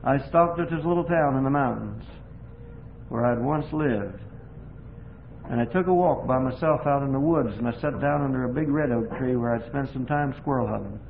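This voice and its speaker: An older man preaching an impassioned sermon with a personal testimony, swinging between hushed, quiet passages and loud, emphatic ones. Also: medium pitch, moderate pace, creaky. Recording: tinny lo-fi recording with faint hiss.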